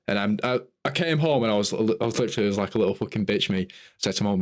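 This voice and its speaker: A young man telling an animated, sweary story in a casual podcast chat. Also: fairly low pitch, very fast. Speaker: podcast host.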